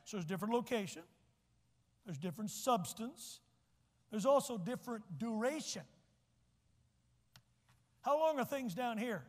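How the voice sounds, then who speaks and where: Male pastor, folksy preaching, high voice, church echo, long reverb. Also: expressive. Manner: folksy, joking asides, repeats points slowly. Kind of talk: sermon. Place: church sanctuary.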